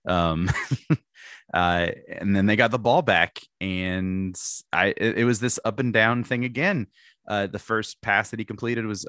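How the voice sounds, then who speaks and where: A young man with a very low, deep voice talks football on a podcast, his words tumbling out in restarts and bursts of laughter. The sound is close and dry, with no room around it. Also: a little slow, no echo. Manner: animated, restarts often, laughs while talking. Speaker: podcast co-host. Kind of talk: casual sports chat.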